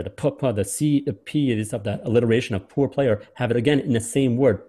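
A man hosting and lecturing, doing a close reading of a speech and drawing out key words in a measured way. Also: mid-range voice, mellow. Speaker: host and lecturer.

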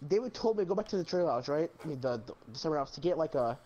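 A man's voice: fairly high pitch, rapid-fire, muffled recording. A man telling a funny story in casual chat, laughing through it and swearing a lot. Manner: laughing, profane, animated storyteller. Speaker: gaming channel co-host.

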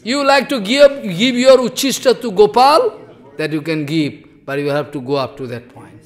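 A man's voice: high voice, sing-song, moderate pace. A man giving a sermon as a spiritual teacher, telling stories animatedly in broken English and teasing his listeners.

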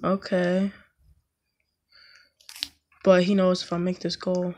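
A woman chatting casually over gameplay at home, slangy and prone to sudden excited yelps. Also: on the low side, slow. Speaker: gaming YouTuber.

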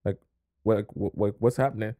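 Brief: man playing a lost, stuttering female partner, soft and halting. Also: fairly low pitch, fairly even intonation, no room sound, clean studio sound, pitched below the performer's own voice, close to an everyday voice. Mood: baffled. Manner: stammering, confused. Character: bewildered female partner, stammering.

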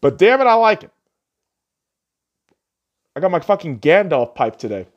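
A man's voice: high voice, sing-song, normal speed, muffled recording. A young man hosting a solo podcast, ranting profanely and arguing back at himself. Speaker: podcast host.

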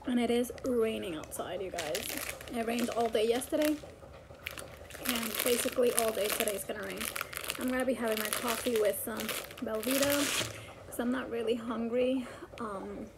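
A woman's voice: a little high, moderate pace, background noise. A woman vlogging casually at home as a mother, chatty and rambling with many fillers. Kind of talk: casual chat. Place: home, indoors.

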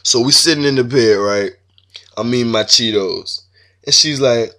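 Brash man with a bright voice. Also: mid-range voice, moderate pace. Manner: brash, swaggering, crude. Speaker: comedian. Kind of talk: freestyle comic storytelling.

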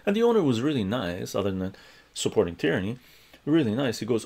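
Gravelly man telling a story animatedly. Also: fairly low pitch, brisk. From Canada. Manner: animated anecdote-telling, laughs often, tag questions. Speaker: livestream host. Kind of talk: casual livestream storytelling. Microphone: lapel mic.

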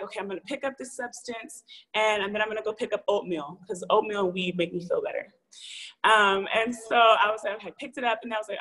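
A woman's voice: medium pitch, a bit bright, low-quality recording. Young woman rambling thru a story on a live call, mid voice, tons of fillers. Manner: rambling, many fillers and restarts. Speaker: caller sharing a story on a live show. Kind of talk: casual storytelling.

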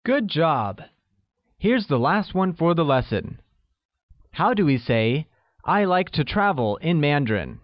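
A man reads a scripted language lesson at an unhurried pace, drawing out each example word. His pitch moves up and down a lot as he praises and quizzes the learner. The recording is dry and a little dull. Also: very animated, no room sound. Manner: slow, careful delivery with drawn-out example words. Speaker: language teacher.

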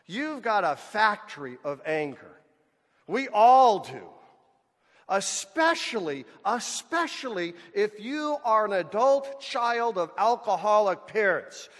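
A man preaching a sermon as pastor, animated and speaking to the congregation as folks. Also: high voice, slow. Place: church sanctuary. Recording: church hall with long reverb.

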